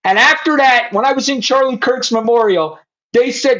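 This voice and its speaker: A middle-aged man who was once a police chief tells his faith story as an emotional personal testimony, using blunt, profane words and addressing the host directly. His voice is very high-pitched, animated, and sharp, at normal speed. The lo-fi sound is slightly muffled.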